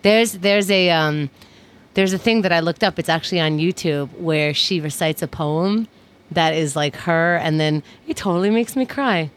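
A woman's voice: fairly low pitch, moderate pace. A woman co-hosting a casual chat, giving blunt, emphatic opinions. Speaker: podcast co-host.

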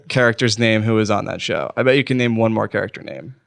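A man talking with a very lively, swooping pitch in relaxed comedic banter. His voice is sarcastic and animated, and the recording is close and dry, with no room sound. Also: normal speed, vocal fry, dry recording. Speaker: podcast host. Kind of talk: casual comedic chat.

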